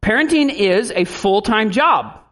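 A man preaching a sermon as a pastor, in a lively style with animated asides. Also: sits high, unhurried.

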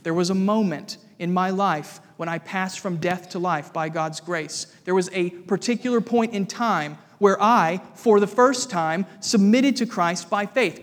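A man preaching a sermon as pastor, measured and emphatic, often repeating key phrases. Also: high voice, long reverb tail.

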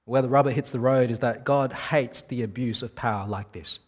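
A man's voice: mid-range voice, normal speed. A man in his thirties preaching a sermon in a conversational, wry storytelling manner.

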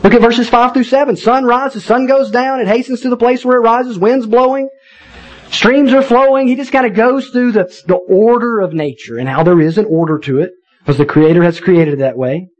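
A man preaching a sermon in a conversational, animated way, with wry asides to the congregation. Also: extremely high pitch, normal speed, dull audio. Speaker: pastor.

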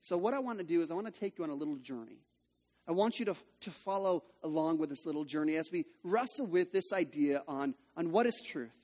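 A man's voice: a little high, lively intonation, fairly quick, darkish tone. A man in his thirties preaching a sermon as a pastor, telling stories and asking rhetorical questions in a conversational way. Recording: long hall reverb.

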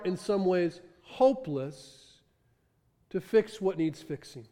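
A man preaching a sermon with passion, moving between loud urgency and hushed intensity. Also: sits high, lively intonation, slow. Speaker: pastor. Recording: long hall reverb.

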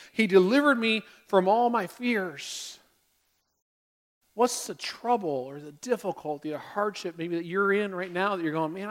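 A man's voice: high-pitched, fairly bright tone. A man preaching a conversational sermon to his congregation as pastor, often acting out the inner voices of his listeners.

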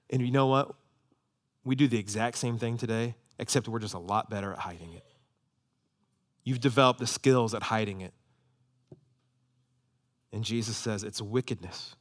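A man preaching a sermon, impassioned, swinging from loud emphatic peaks to low hushed asides. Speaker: pastor.

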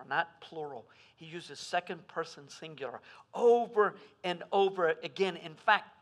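A man preaching a sermon as pastor, swinging between loud emphasis and hushed asides. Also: high voice.

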